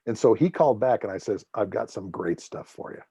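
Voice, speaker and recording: A man's voice: lowish voice, fairly quick, creaky, slightly rough, no room sound. A middle-aged man, a former air force officer giving a guest talk, telling anecdotes with humor and acting out the dialogue of the people in his stories. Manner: lively storyteller, acts out dialogue, jokes.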